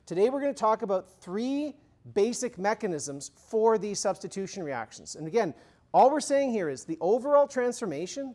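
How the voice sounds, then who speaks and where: This man's voice is high-pitched with a darkish tone. He delivers a university chemistry lecture in a conversational style, putting review questions to the class and slipping in casual, funny remarks.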